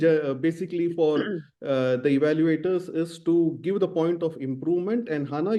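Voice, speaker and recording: A middle-aged man giving an evaluation speech at an online club meeting, halting with many fillers and restarts. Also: a little high, dark tone. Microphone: video call.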